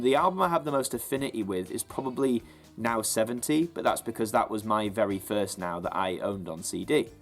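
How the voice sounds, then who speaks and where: A young man hosting a casual video, reading viewer questions aloud and answering them in a chatty way. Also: mid-range voice. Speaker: YouTube host. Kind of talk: casual Q&A chat.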